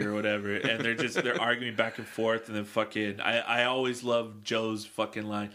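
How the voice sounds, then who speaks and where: A man's voice: fairly low pitch, little pitch movement, normal speed, few pauses, sharp tone. A man hosting a casual movie chat, enthusiastic and swearing a lot. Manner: profane, enthusiastic.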